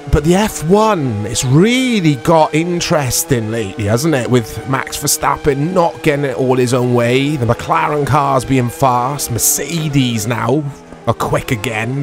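A man talks through a retro racing game in a loose, rambling way, tacking "isn't it?" onto his thoughts and poking fun at his own driving. His voice sits at an ordinary middle pitch. Music plays clearly underneath him. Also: a little slow. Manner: rambling, self-deprecating, full of tag questions. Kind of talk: casual gameplay commentary. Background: background music.

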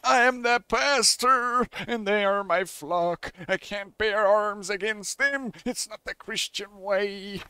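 Man voicing a scared frontier preacher for a western game, high and slow, begging. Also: sharp tone, clear, resonant tone, no room sound, exaggerated voice. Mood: pleading. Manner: slow, high, pleading delivery. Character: frightened old-west male pastor, pleading.

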